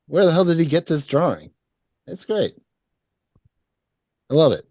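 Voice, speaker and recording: A man co-hosts a relaxed podcast and jokes with his friends, laughing often and restarting sentences as he goes. His voice sounds dry and close to the mic. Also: fairly high pitch, unhurried, dry recording. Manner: laughing, joking, restarts a lot. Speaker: podcast co-host. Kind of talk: casual chat.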